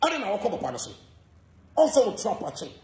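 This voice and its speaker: A Ghanaian man with a high, fairly quick voice launches into a heated gossip rant aimed straight at a rival. He repeats himself and switches between languages as he goes, and the recording has a roomy sound.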